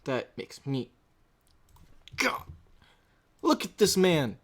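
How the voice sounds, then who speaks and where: A man rants in a reaction vlog, heated and swearing freely. His pitch swings widely as he rambles through his points, and his thoughts keep trailing off and restarting. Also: very animated, very slow, long pauses. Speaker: channel host.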